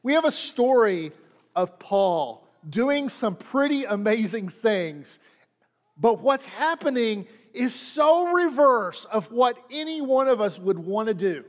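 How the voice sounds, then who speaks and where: A man's voice: very high-pitched, very animated, slow, in a large hall. A man preaching a sermon as pastor, repeating lines and leaning hard on them for emphasis. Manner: preaching with dramatic emphasis and repetition.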